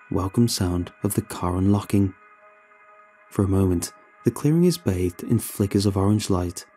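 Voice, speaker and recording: A man reading a horror story aloud in a measured, dramatic narration style, with faint music behind him. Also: on the low side, dark tone, husky.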